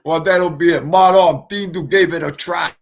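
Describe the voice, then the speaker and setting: Brash, profane New livestream host. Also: male voice, a little high, steady tone, normal speed, slight background noise. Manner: brash, profane, greets chatters. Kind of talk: casual livestream chat.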